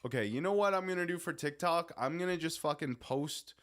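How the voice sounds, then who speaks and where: Talking to his stream audience, this young man wanders from thought to thought, curses freely, and keeps interrupting himself. He speaks briskly in a slightly high, somewhat bright voice.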